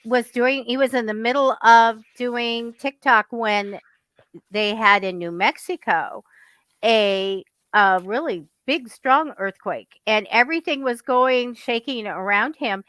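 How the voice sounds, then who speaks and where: A woman from California chatting casually as a guest, telling stories in an animated way. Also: a little high, slow, no room sound. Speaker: psychic guest. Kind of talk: casual chat.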